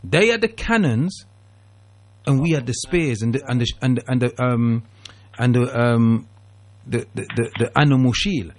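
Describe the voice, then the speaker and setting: Talk radio host reining in a caller. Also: male voice, mid-range voice, normal speed. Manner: interjecting, calming callers, explains at length.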